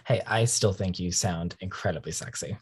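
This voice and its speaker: A man in his twenties, a guest on a podcast, chatting in a relaxed way. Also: sits low, moderate pace, breathy edge. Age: 20s. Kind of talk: casual podcast chat.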